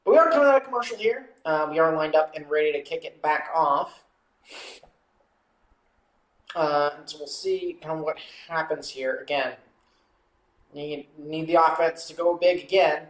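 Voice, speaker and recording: A man's voice: fairly high pitch, moderate pace, roomy sound, poor audio. A man hosting a live watchalong, calling football plays and rambling casually between them with lots of fillers. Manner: rambling, filler-heavy, self-deprecating asides. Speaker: play-by-play watchalong host. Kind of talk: live amateur play-by-play commentary with casual asides.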